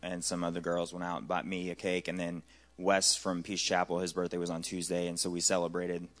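A man's voice: low voice, completely flat delivery, a little fast, fairly bright tone. A man in his thirties giving a casual, joking church testimony. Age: 30s.

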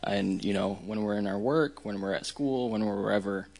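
A man giving a reflective, halting church testimony about a mission trip. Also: on the low side, gravelly, a little mellow.

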